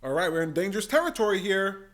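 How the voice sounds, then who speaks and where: A man giving an excitable reaction commentary on a debate clip, mimicking voices, laughing and exclaiming. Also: high-pitched, quick pace. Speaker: political commentator.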